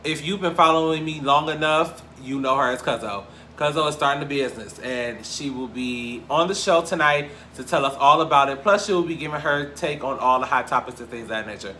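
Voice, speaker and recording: A young man from Cleveland hosting a casual gossip show, talking in a lively, profane way with big swings between loud and quiet. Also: mid-range voice, fairly quick, hardly any pauses, a little hiss or hum. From Cleveland, Ohio. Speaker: podcast host. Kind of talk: casual celebrity gossip chat.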